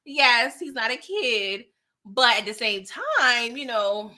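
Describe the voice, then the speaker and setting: A woman with a fairly high, sing-song voice speaks slowly in a pushed, bright way. She hosts a casual TV recap and review, chatting playfully with live viewers and acting out characters' lines.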